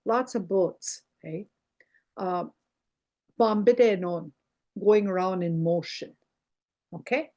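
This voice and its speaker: An older woman teaching a language lesson over a video call, slow and patient, repeating words for her learners. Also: mid-range voice, darkish tone.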